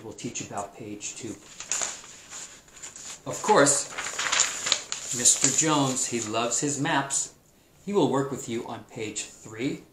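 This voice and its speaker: Chatty male teacher in an echoey room. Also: mid-range voice. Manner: chatty, enthusiastic, drawn-out emphasis. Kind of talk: remote class lesson. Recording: roomy echo, faint noise.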